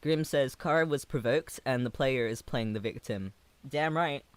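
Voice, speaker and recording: Gentle young man chatting on a livestream. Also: mid-range voice, moderate pace, dry recording. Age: 20s. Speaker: livestreamer reading chat. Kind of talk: casual livestream chat.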